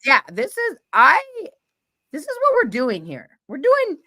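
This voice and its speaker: A woman hosting a casual chat, excitable and rambling, with lots of "like" as she talks. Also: high-pitched, measured pace. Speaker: host.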